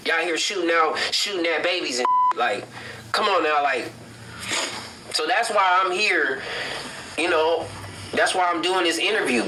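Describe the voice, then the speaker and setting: A grieving father speaking in an interview, halting and stumbling over repeated words as his voice breaks. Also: on the high side, far from the mic, background noise. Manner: halting, repeats words while searching for them. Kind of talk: emotional news interview.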